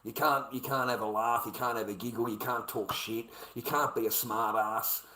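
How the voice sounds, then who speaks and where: A man's voice: medium pitch, fairly even intonation, normal speed, bright, forceful tone, echoey room, rough recording. An older Australian man ranting in an aggrieved, swearing, repetitive vlog monologue.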